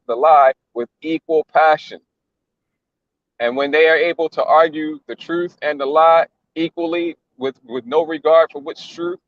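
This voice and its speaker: Dude ranting over a news clip, kinda high voice, dull lo-fi dry sound. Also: male voice, no room sound. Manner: blunt, mocking, slangy, repeats himself. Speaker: commentator reacting to a news clip. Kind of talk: casual religious commentary.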